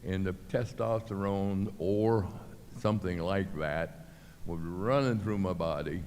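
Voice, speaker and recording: An older man spins stories in a very deep voice, playing out each quoted line with lively shifts. The sound carries a long hall reverb over faint background noise. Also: measured pace. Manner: animated storyteller acting out quotes. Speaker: guest. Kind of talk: storytelling. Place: club venue with live audience.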